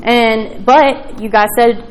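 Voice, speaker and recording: A woman's voice: on the high side, steady tone, slow, slight background noise, low-quality recording. A woman telling her recovery story at a meeting, candid and profane, with plenty of fillers. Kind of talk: personal testimony at a recovery meeting.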